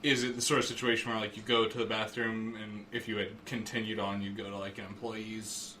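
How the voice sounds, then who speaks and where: A man speaking as a player in a tabletop game, low-key and deliberate. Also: level tone, sharp tone, a little hiss or hum.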